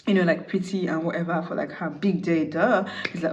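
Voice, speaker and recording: A woman recaps a movie in a quick, chatty flow full of fillers, acting out the characters as she goes. Her voice sits fairly low. The audio sounds slightly distant and dull, with a faint hum of noise behind it. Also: fairly even intonation. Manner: chatty, full of "like", acts out the dialogue.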